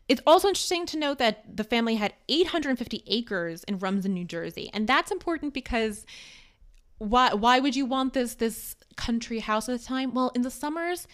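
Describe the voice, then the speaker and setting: A woman hosting a podcast, telling a history in a chatty, animated way with wry asides. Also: on the high side, normal speed. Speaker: podcast host. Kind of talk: casual storytelling chat.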